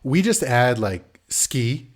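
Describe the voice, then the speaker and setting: A man in his thirties, a podcast co-host chatting casually and rambling, now and then putting on lively voices. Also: medium pitch, takes it slowly. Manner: rambling, does animated voices of his kids. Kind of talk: casual chat.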